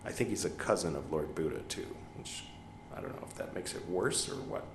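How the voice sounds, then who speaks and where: A man's voice: low-pitched, lively intonation, a little fast, vocal fry, background noise. A man hosting a podcast, reading a religious text aloud and breaking off for wry, joking asides. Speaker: podcast host reading scripture. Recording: echoey room.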